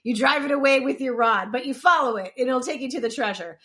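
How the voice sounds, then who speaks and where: A woman's voice: high voice, fast, sharp tone. A woman co-hosting a podcast, casually explaining occult lore step by step with dry asides. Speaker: podcast co-host.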